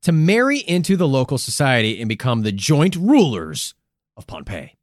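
Profane, playful man with a lively voice. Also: medium pitch, normal speed, no echo, clean studio sound. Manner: crude, profane, playful narration with silly vocal asides. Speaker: podcast co-host. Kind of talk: comedic history podcast.

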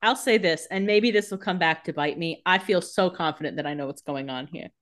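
A woman's voice: lowish voice, fairly quick, fairly bright tone. A woman co-hosting a casual podcast, joking, swearing freely and acting out exasperated reactions. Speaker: podcast co-host. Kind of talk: casual chat.

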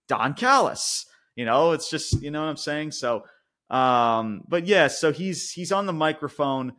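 A man co-hosting a wrestling podcast, ranting and swearing in casual chat, going from loud outbursts to quiet mutters. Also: on the high side, a little slow. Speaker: podcast co-host.

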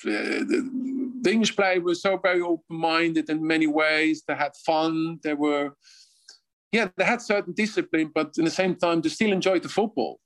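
A man's voice: fairly high pitch, moderate pace, fairly bright tone, low-quality recording. A Swiss-accented man in his fifties, a former footballer telling stories as an interview guest, chuckling and restarting his sentences. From Switzerland. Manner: chuckles often, rambling restarts. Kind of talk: casual storytelling.

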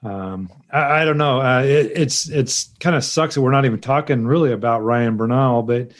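Brief: male co-host, casual, hesitant delivery, mid pitch. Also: normal speed. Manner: hesitant, many restarts and fillers. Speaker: podcast co-host. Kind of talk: casual chat.

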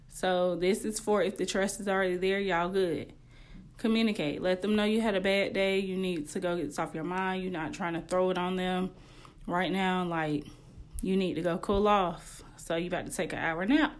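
A young woman hosting a podcast, giving casual relationship advice in a candid, slangy way and laughing often. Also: mid-range voice. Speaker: podcast host.

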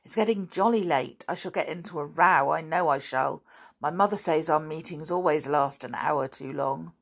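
A woman's voice: low-pitched, slightly rough. A woman voicing a plucky, indignant boy. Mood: keen. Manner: indignant, hurried. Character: plucky boy with a pesky sister.

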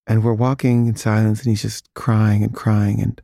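A man's voice: lowish voice, moderate pace, vocal fry, no room sound, clean studio sound. A father telling a personal story in a casual way, re-enacting each back-and-forth. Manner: lively, re-enacts each quoted exchange.

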